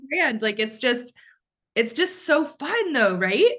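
Woman podcast host, bright punchy voice, swears casually, laughs at herself. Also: a little high, sing-song, takes it slowly.

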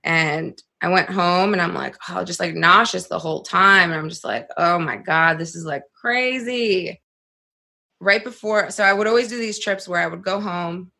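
A young adult woman telling a personal story on a podcast in a casual, animated way, saying "like" a lot and swearing freely. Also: on the low side, moderate pace, vocal fry. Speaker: podcast guest.

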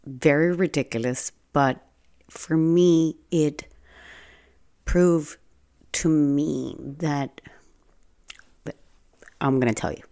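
A woman's voice: low-pitched, drawn-out words, long pauses, warm tone. A woman giving an earnest motivational talk, telling a personal story in a conversational way and stressing points by repeating herself. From Spanish-speaking. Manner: earnest, conversational, with restarts and emphatic repetition. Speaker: personal branding speaker.

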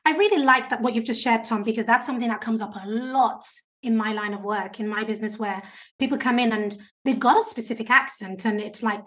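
A woman speaking coach giving advice in an interview, animated and talkative. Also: fairly high pitch, brisk. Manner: animated, chatty, self-described natural talker.

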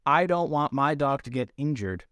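A man's voice: fairly high pitch, expressive, normal speed, a bit bright, no room sound. Dry, close-miked man explaining dog training. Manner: explanatory, uses everyday analogies. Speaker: dog trainer, podcast host. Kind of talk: instructional podcast talk.

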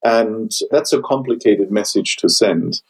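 A man with a German accent hosting a podcast, thinking aloud in a relaxed conversation and sometimes pausing to find the right word. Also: lowish voice, breathy edge, poor audio. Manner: thoughtful, searching for words. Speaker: podcast host. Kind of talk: casual conversation.

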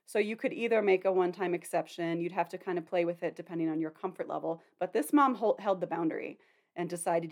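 A woman's voice: fairly low pitch, quick pace, darkish tone. A middle-aged woman, a parenting coach, hosting a podcast in an earnest, conversational way with casual fillers. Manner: earnest, conversational, many "you know" and "like" fillers. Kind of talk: podcast talk.

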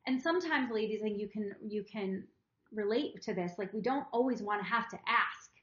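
A woman's voice: medium pitch, normal speed, a bit bright, dull audio. Earnest woman podcaster, roomy sound. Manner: earnest, emotional, rambling with restarts. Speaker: podcast co-host. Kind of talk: candid personal storytelling to her partner.

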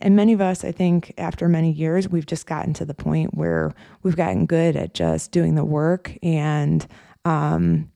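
A coach hosts a casual podcast monologue in a medium-pitched, gravelly, dark-toned voice, recorded dry with clean studio sound. His talk is loose and conversational, sprinkled with fillers and tag questions like "you know" and "right?"

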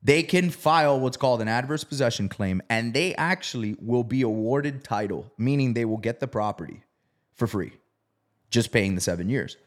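Male storyteller, casual and profane, animated when quoting others. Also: mid-range voice, normal speed. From South Florida. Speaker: real estate investor.

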